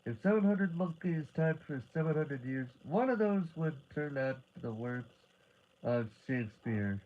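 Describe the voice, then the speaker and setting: A man's voice: a little high, lively intonation, unhurried, muffled recording. A man voicing a sour, sarcastic laundry worker in a live story reading, speaking dryly. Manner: sour, dry.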